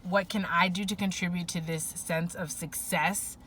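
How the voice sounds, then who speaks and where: A woman reading tarot for her viewers in an open, emotional way, often pausing with fillers as she feels her way through the message. Her voice is bright and forward, with a faint hiss of noise underneath. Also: lowish voice, steady tone. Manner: rambling, emotional, thinking aloud with many fillers. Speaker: tarot reader. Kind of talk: spiritual pick-a-pile reading.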